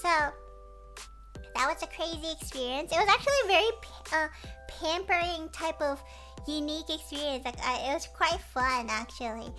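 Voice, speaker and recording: A woman streamer with a cutesy voice chats with her viewers and tells stories in a giggly, animated way. She speaks in a very high, bright tone at an unhurried pace. Faint music plays in the background. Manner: giggly, animated storytelling, squeals when excited. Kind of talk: casual chat.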